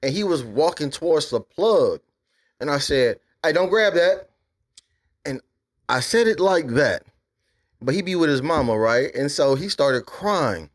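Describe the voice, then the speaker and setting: An American man co-hosting a casual podcast discussion, blunt and preachy, cursing and growing loud and emphatic as he makes his points. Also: a little high, animated, measured pace. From USA. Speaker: podcast co-host.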